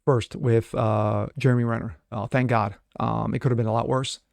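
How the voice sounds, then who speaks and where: Blunt, gravelly male news commentator. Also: medium pitch, little pitch movement, moderate pace, a little mellow, dry recording. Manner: blunt, sarcastic, many fillers. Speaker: host. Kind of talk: solo commentary reading news and opining.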